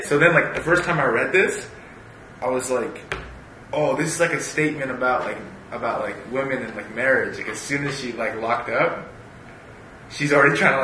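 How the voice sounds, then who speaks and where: Rambling man in an echoey room. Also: medium pitch. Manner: rambling, filler-heavy, reads passages aloud. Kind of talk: casual chat. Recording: echoey room with steady background noise.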